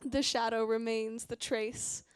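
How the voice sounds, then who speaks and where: A woman's voice: on the high side, little pitch movement, a little slow, clear, resonant tone, no room sound. A woman moderating a library seminar who invites the audience to share their thoughts. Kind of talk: moderating a live talk. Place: library event room with live audience.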